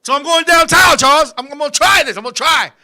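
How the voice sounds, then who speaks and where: A talk-show host in his fifties with a strikingly high, bright, piercing voice tells a raunchy story. He talks loud and animated, cursing freely and laughing along with himself. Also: fast. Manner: loud, animated, crude, laughing between lines.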